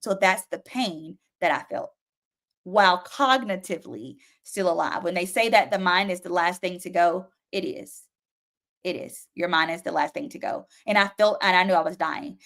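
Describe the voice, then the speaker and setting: A woman's voice: fairly low pitch, moderate pace, vocal fry, a bit bright. A young adult woman giving an emotional personal testimony as a talk show guest, acting out frantic voices and pleas as she tells it. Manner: emotional, vivid storytelling with acted-out pleas. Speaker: guest telling her story.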